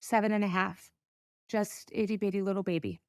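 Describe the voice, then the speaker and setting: Earnest, halting woman telling her story. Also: mid-range voice, fairly even intonation, dry recording, clean studio sound. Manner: earnest, halting, pauses to gather herself. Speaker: podcast guest. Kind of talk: personal storytelling.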